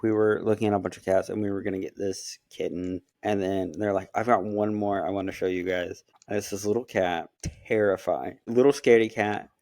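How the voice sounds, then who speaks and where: Low-voiced man telling a pet story. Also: a little fast, hardly any pauses, no echo. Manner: animated storytelling with quoted dialogue. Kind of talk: casual chat, pet story.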